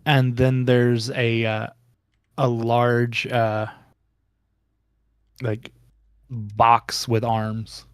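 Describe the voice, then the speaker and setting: A man's voice: mid-range voice, flat delivery, very slow, pauses often, smooth, no echo, clean studio sound. A man narrating a tabletop game as game master, rambling with many ums and restarts.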